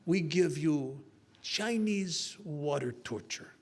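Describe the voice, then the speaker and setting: A calm, sinister interrogator doctor, as a man plays him in a story. He speaks softly and slowly, each word placed with cold certainty. The tone is quietly menacing, never raised. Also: fairly high pitch, slightly rough, exaggerated voice.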